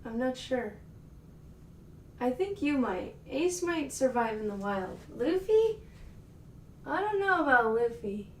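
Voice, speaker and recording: High-pitched woman coaxing her cats. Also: expressive, measured pace, slight background noise. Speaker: livestream host. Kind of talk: casual chat playing with her cats. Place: indoor room at home. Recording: echoey room, mic far off.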